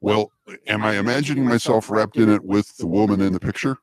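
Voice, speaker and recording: A man's voice: fairly low pitch, a little fast, no room sound, poor audio. A man hosting a podcast, chatting casually and laughing often. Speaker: podcast host. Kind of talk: casual chat, joking.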